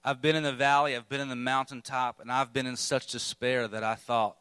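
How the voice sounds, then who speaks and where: A man's voice: medium pitch, level tone, brisk, a bit bright, clean tone, dry recording. A man preaching a sermon, telling his own struggles candidly with bursts of emphasis. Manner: candid, self-deprecating storytelling with bursts of emphasis.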